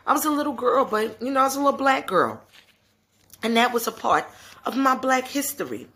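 A woman in her forties hosting a podcast, telling stories in an animated, gossipy way and talking straight to her listeners. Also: high voice, fairly quick. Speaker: podcast host. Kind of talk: casual solo podcast storytelling.

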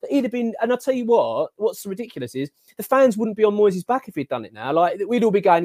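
A man's voice: sits high, fast talker, hardly any pauses, dry recording, clean studio sound. A man, hosting a casual football podcast and ranting animatedly, stumbling over his words. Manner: animated, ranting, filler-heavy. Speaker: podcast host.

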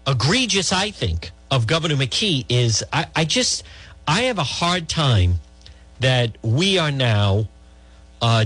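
A man's voice: a little high, fairly bright tone, breathy edge, dry recording. A middle-aged man hosting talk radio, giving blunt, rambling political opinions with many restarts.

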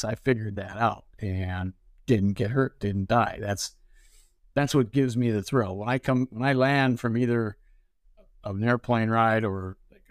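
Man, animated storyteller, dry close mic. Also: fairly low pitch, no echo. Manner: animated, laughing storyteller who acts out dialogue. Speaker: ferry pilot guest. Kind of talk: storytelling interview.

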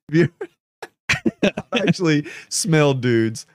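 A man's voice: a little high, very animated, very slow. A man co-hosting a casual comedy podcast, teasing his partner, laughing often and swearing casually. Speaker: podcast co-host.

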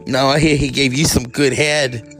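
A man putting on a lower voice for a crude, aggressive, tough-talking woman, with faint music behind. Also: level tone, moderate pace, fairly bright tone, lightly acted.

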